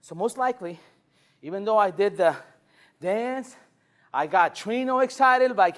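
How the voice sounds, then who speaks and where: A male car sales trainer giving a live demonstration, animated and loose, swinging from shouting to murmuring. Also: high-pitched, moderate pace. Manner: hype-driven and loose, with occasional swearing.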